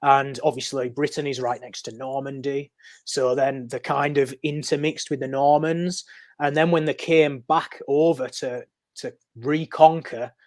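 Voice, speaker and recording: Guy on a podcast going on about old history, lots of ums, mid pitch, dry close sound. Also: steady tone, unhurried, a little mellow, no echo. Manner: rambling, storytelling, with frequent ums and restarts. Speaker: podcast guest, amateur historian. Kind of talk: conversational explaining. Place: podcast recording.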